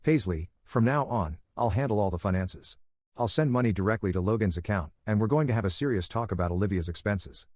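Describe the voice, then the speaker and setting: A man voicing a stern middle-aged father who presses with sharp questions, read in a steady narrating voice. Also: on the low side, a little fast, no echo, studio quality, natural voice. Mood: stern, angry.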